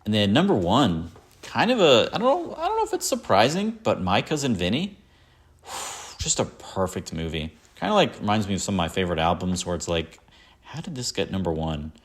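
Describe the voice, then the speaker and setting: A man's voice: lowish voice, wildly swooping pitch, a little fast. A man hosting a podcast, chatting casually in a rambling way, with many fillers and self-corrections. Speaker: podcast host. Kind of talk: casual chat.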